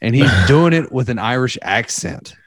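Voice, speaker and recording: A man's voice: mid-range voice, lively intonation, normal speed, no room sound. A young man chatting casually, rambling through a story, often laughing and acting out the quotes. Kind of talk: casual podcast chat.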